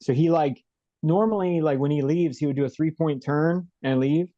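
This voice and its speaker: A man's voice: on the high side, normal speed, mellow, dry recording, muffled recording. A middle-aged man, an interview guest, telling a personal story in a rambling way with lots of fillers and restarts. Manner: rambling, repeats himself, many fillers. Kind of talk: casual storytelling.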